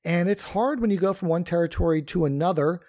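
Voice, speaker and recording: Chatty male podcast co-host, slightly high voice. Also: quick pace, darkish tone. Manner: conversational, many fillers and restarts. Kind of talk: casual podcast chat about wrestling history.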